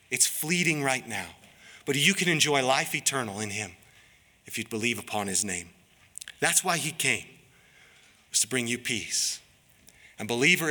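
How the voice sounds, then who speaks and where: A man preaching a sermon as pastor, in an earnest, pleading, deliberate way. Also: fairly high pitch, pushed and bright. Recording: long reverb of a large hall.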